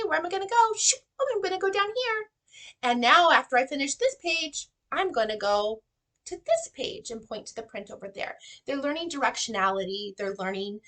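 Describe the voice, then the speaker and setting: A woman in her forties, a kindergarten teacher, giving parents practical reading tips in an animated, modeling way. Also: on the high side. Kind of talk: instructional talk to parents.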